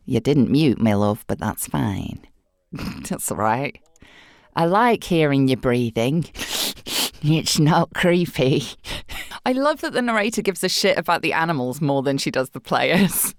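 A woman with a slightly husky voice, chatting casually and sardonically while playing a game, full of swearing and quick jokes. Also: low-pitched, big pitch swings, no echo, clean studio sound. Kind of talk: casual gaming chat.

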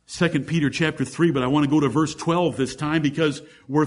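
A male pastor preaching a sermon, swinging from fervent raised passages to quiet, intimate asides to the congregation. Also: fairly high pitch, fairly even intonation, brisk, hardly any pauses. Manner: addresses congregation as brethren, rhetorical questions.

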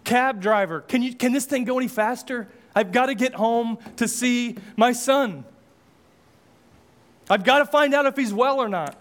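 A man playing a frantic father rushing home to his sick son, pleading and urgent. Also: very high-pitched, long reverb tail, voice pushed up.

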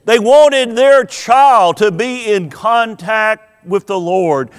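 A man's voice: sits high, fairly bright tone. A man preaching a sermon as pastor, telling stories and asking the congregation questions. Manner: storytelling, asks the congregation questions. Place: church sanctuary. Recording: long hall reverb of a church.

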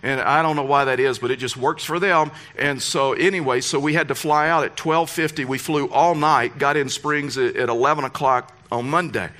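A middle-aged male pastor preaching a sermon, telling a story in an animated way. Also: moderate pace, hardly any pauses. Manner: animated, rising to excited high-pitched quoting.

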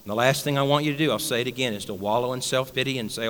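A man's voice: medium pitch, quick pace, a bit bright, long reverb tail. A male pastor preaching a blunt, emphatic sermon straight at his congregation in a church. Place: church sanctuary.

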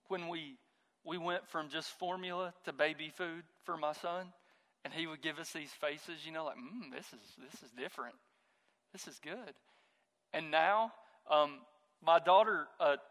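Bright, high-voiced man preaching in a reverberant hall. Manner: conversational preaching with family stories. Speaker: pastor. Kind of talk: sermon.

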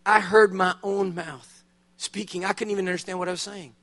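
An older man preaching a sermon as guest speaker, telling his story animatedly, with big swings between loud bursts and hushed solemn passages. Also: fairly even intonation, brisk. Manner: drops to a hushed, low delivery on solemn points. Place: church conference hall.

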